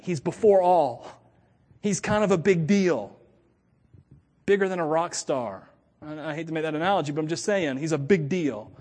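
A woman's voice: deep voice, a little mellow. A woman pastor giving a sermon in a casual, chatty way, with laughing asides. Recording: long reverb of a church hall.

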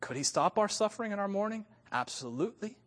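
A man preaching a sermon as pastor, swinging from loud, emphatic lines to hushed ones and laughing at himself now and then. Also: high voice, expressive, quick pace, in a large hall. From North America.

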